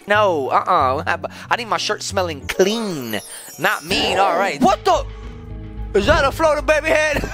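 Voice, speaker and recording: A middle-aged man giving goofy, excitable commentary while playing a video game, with sudden shouts and silly voices. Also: very high voice, moderate pace, faint music behind. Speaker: gaming channel host.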